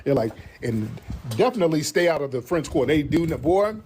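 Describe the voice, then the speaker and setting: Casting note: male live-stream host, slangy and animated, fairly high voice, noisy audio. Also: brisk. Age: adult, has kids. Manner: animated, slangy, repeats himself. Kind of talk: casual live-stream chat.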